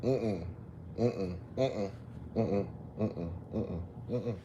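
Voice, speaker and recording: A man ranting in a late-night commentary vlog, animated and profane, repeatedly telling listeners to slow down. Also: on the low side, highs cut off, background noise. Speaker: commentary vlogger. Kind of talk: late-night rant to camera.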